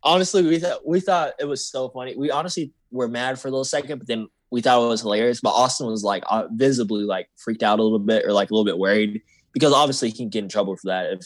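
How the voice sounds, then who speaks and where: A man's voice: medium pitch, quick pace, no echo. A young man co-hosting a podcast, telling a work story in casual chat and acting out the voices of the people in it. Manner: animated, acts out quoted voices. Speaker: podcast co-host.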